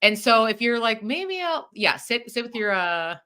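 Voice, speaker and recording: Chatty woman podcast co-host, bright clear voice, rambling delivery full of fillers, casual banter. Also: fairly high pitch, sing-song, moderate pace. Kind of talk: casual chat.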